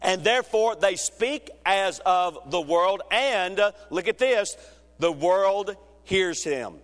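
A man preaching a sermon, emphatic, swinging between loud rhetorical questions and hushed lines. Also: sits high, lively intonation, takes it slowly, faint music behind. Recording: long reverb of a large hall.

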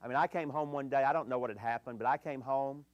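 Preaching on dating and marriage before a gathering, a middle-aged man tells stories earnestly and drops quiet and low for the sad parts. He talks fast with fairly even intonation, and the muffled recording has no echo.

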